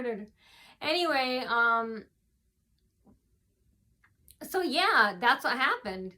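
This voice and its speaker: Woman vlogger, high bright voice, rambling tearful storytelling to camera. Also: very animated, extremely slow, long pauses. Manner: rambling, many fillers and restarts, mimics shouts. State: tearful, face swollen from crying.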